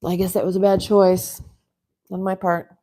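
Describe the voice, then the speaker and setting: A woman's voice: on the low side, flat delivery, moderate pace, mellow. A woman hosting a casual live chat from home, chatting along and playfully scolding her dogs. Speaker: livestream host.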